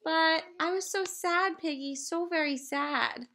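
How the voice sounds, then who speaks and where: A woman voicing a gloomy, gentle male elephant in a storybook read-aloud, drawing out slow sighs. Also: very high-pitched, slight background noise, pitched above the performer's own voice, heavily acted.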